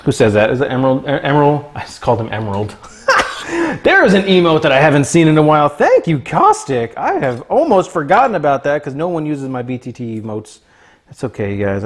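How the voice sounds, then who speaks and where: A man's voice: medium pitch, very animated, brisk. A man hosting a cooking livestream from his kitchen, chatting playfully and joking with viewers as he cooks. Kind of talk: casual livestream chat while cooking. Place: home kitchen.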